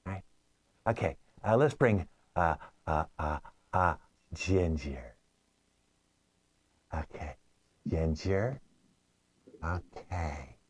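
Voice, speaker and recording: A man's voice: sits low, drawn-out words, pauses often, breathy edge, dry recording. A man hosting a live improv show, calling out prompts and directions to performers. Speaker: improv host and side-coach. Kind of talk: coaching improv scene.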